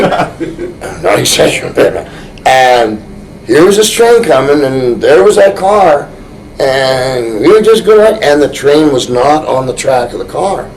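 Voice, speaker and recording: A man as an interview guest, telling a rambling anecdote full of restarts, often chuckling and getting animated. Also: a little high, measured pace, gravelly, a little hiss or hum, low-quality recording.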